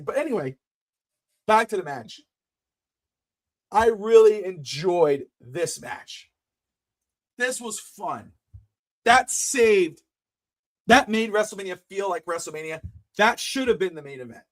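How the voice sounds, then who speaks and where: A man with a high voice talking casually as a podcast co-host. He is blunt and a little profane, and he swings between low mutters and near-shouting when he gets worked up. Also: animated, takes it slowly, long pauses.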